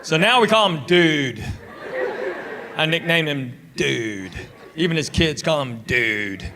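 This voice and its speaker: A middle-aged man performing stand-up comedy, telling family stories in a deadpan way with pauses before punchlines. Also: fairly high pitch, crowd noise, background noise. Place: comedy club stage. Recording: live stage audio with audience laughter. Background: audience laughter.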